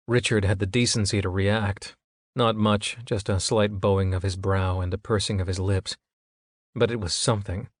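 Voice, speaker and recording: A man giving scripted audiobook narration in a steady, even reading. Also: lowish voice, moderate pace, no room sound, studio quality.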